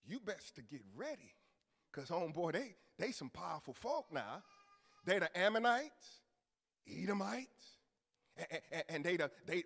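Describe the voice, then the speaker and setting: A male pastor preaching a sermon, moving from low murmurs to shouted peaks, with casual asides and call-and-response to the congregation. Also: creaky. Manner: colloquial preaching with church asides. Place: church sanctuary. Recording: long reverb of a church hall.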